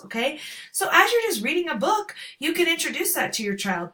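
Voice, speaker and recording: A woman's voice: high voice, big pitch swings, a little fast, pushed and bright, slight background noise. A woman in her thirties giving an upbeat lesson to parents, acting out letter sounds with exaggerated emphasis. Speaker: teacher. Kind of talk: instructional talk to parents.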